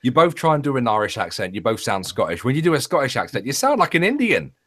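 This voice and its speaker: A man's voice: mid-range voice, sing-song, quick pace, a bit bright, a little hiss or hum. A man trading crude, teasing banter in a casual stream chat.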